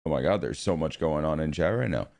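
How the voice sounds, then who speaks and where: A man's voice: a bass voice, animated, fast, vocal fry, a little mellow. A young man streaming live, talking casually and with energy to his chat and greeting viewers by name.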